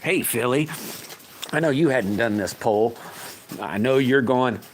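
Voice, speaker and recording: A man's voice: medium pitch, measured pace, slight background noise. A man hosting a casual livestream while working at his bench, chatting in a rambling, folksy way and chuckling at himself. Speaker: livestream host making slingshots.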